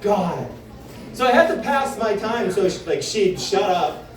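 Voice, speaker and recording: A man's voice: high-pitched, a little slow, slight background noise. A young man doing a stand-up comedy set on a club stage, telling stories and acting out the people in them. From Canada. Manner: animated storytelling with acted-out quotes. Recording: roomy club sound from a distance.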